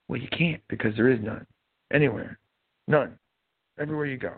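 Gravelly, husky-voiced man on a tinny line. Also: mid-range voice, animated, fairly quick, pauses often. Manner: rambling, profane, joking storytelling. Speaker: host. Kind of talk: casual live-show chat. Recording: tinny phone-like sound.

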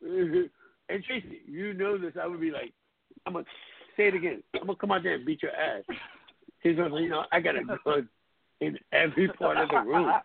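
Lively man on a noisy phone line. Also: fairly high pitch, moderate pace, vocal fry, crowd noise. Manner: animated, swears often, quotes friends in lively voices. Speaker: call-in show host. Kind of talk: casual storytelling chat. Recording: phone-line audio with hiss.

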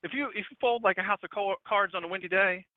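A man's voice: sits high, fast talker, no echo. A middle-aged man preaching a conversational sermon, telling stories and acting out what people said. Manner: storytelling, acts out quotes. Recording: tinny phone-like dry sound.

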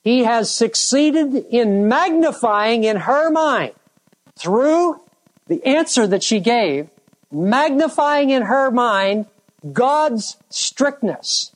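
A preacher delivering a sermon in a deliberate way, stretching out key words for emphasis. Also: medium pitch, animated, poor audio.

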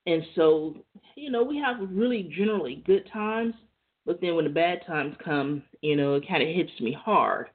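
A woman's voice: low-pitched, animated, moderate pace. A woman hosting a talk show, chatting casually and conversationally, laughing easily. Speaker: podcast host. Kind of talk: casual monologue. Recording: tinny phone-like audio.

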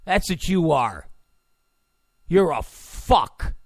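A man's voice: on the high side, big pitch swings, drawn-out words, vocal fry, no room sound. A man hosting his own podcast, delivering a profane, combative and mocking rant. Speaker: podcast host. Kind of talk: ranting monologue.

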